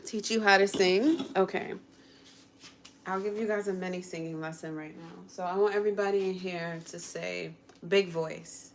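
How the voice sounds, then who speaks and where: A woman chatting casually on a livestream from her kitchen while cooking, coaching viewers step by step through a quick singing lesson in an encouraging way. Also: lowish voice, fairly even intonation, a little hiss or hum. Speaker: content creator and vocal coach.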